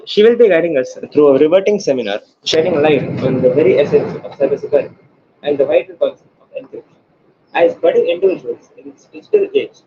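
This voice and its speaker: A man organizing the event, reading a formal, flowery speaker introduction over a video call. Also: on the high side. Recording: muffled video call with faint noise.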